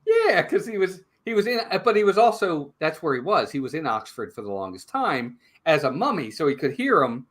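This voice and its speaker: A man co-hosting a casual live-stream movie review, retelling scenes in an animated way. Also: a little high, fairly quick, hardly any pauses.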